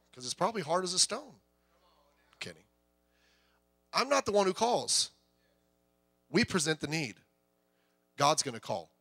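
A middle-aged man, a pastor, preaching a conversational, joking sermon with lively delivery. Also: high voice, gravelly.

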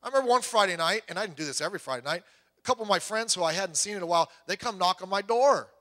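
A man in his fifties preaching a sermon, telling stories with animated voices and swinging from loud to hushed. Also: high-pitched, very fast. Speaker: pastor. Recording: long hall reverb.

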